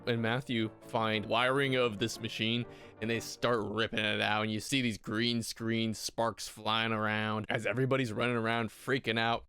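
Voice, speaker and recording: A man's voice: lowish voice, fairly bright tone, clear, resonant tone, no echo, studio quality. A man recapping a TV episode for a video in a casual, mocking, irreverent way. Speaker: YouTube commentator.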